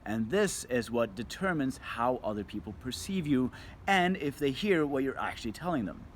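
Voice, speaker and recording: A man's voice: medium pitch, normal speed, a little hiss or hum. A man coaching viewers on tone of voice, talking straight to the camera and playing with emphasis to show how delivery changes meaning. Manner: expressive, shifts emphasis and tone to demonstrate. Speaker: communication coach. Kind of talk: scripted video talk to camera.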